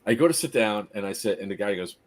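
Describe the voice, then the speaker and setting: Husky man telling a story. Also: fairly low pitch, fast. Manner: animated anecdote teller, laughs through his story. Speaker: podcast host. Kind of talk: casual storytelling.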